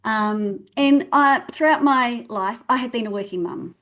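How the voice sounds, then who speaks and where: A woman's voice: on the high side, a little slow, a bit bright. A middle-aged woman, a podcast guest, bubbly and self-deprecating. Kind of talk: casual podcast interview.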